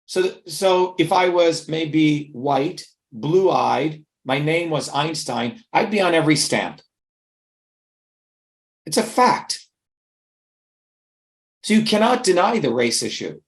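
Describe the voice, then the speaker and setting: A man's voice: fairly high pitch, lively intonation, slow pace, long pauses. A middle-aged man giving an impassioned interview answer, talking emphatically and rhetorically and often checking in with the listener. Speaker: interview guest.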